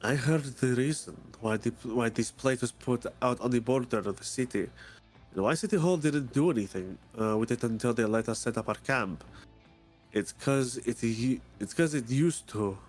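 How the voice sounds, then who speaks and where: A man's voice: medium pitch, normal speed, soft background music. A man reading along with a game as a guest, talking in a laid-back, offhand way. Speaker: co-streamer guest. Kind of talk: casual game read-along.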